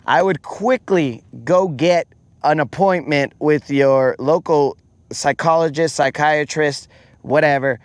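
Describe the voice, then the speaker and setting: A man's voice: slow pace, no room sound. A man hosting a fishing livestream, chatting casually and animatedly with viewers in slang and acting out quoted voices. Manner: animated storyteller, slangy, acts out quotes in a higher voice.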